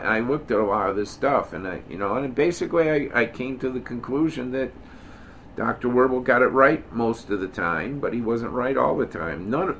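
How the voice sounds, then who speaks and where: Middle-aged male Bible teacher, casual and digressive, mid-pitched voice, stresses the scripture he reads. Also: a little hiss or hum. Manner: digressive, self-correcting, joking asides; reads scripture aloud with emphasis. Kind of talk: informal Bible study teaching.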